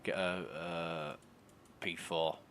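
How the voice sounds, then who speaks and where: A man's voice: low-pitched, little pitch movement, extremely slow, fairly bright tone, slight background noise. A man commentating casually on his gameplay, thinking aloud, muttering and swearing. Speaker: game streamer.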